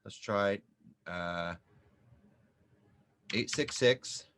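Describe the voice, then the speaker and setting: This small business advisor has a lowish, slightly bright, clean-toned voice and speaks extremely slowly as he guides viewers through an online form via screen share. He's chatty, makes small jokes and thinks aloud over the sound of typing and mouse clicks.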